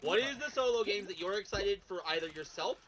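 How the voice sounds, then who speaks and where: A man's voice: high voice, faint music behind. A man hosting a casual livestream chat with friends, leading the group and asking each person questions. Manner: leads the talk, quick and animated. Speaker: host.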